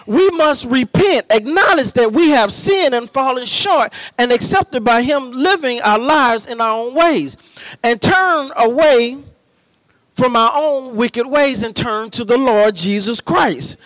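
A man preaching a sermon, building from slow, measured teaching to impassioned shouted emphasis. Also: extremely high pitch, expressive, no room sound, rough recording.

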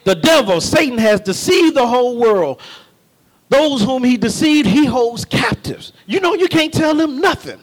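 High-voiced, lively preacher man. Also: a little slow. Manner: call-and-response, folksy, shouting at peaks. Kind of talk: sermon.

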